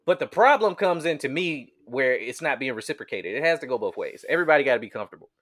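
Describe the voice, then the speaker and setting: A man co-hosting a casual podcast chat, talking in a profane, animated way and laughing often. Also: mid-range voice, fast talker.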